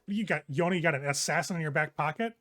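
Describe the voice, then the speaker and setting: A man voicing a crabby, hungover young guy who talks loudly and crudely in a tabletop game. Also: a little high, fast. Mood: exasperated. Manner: loud, grumpy, crude.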